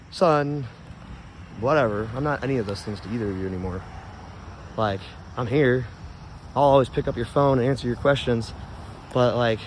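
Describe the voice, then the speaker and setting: Man, angry profane rambling rant, stoned, phone camera in his yard, faint background noise. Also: fairly high pitch. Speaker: vlogger. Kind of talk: rambling outdoor phone vlog.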